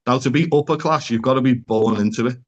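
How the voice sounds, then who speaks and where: A man's voice: mid-range voice, quick pace, lo-fi sound. A man who is a psychotherapist, talking as a podcast guest in an earnest, conversational way and often posing rhetorical questions.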